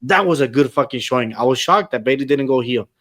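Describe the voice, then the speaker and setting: Male podcast host, mid pitch, casual and profane, gets excitable, drops in Spanish phrases. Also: fast. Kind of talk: casual chat.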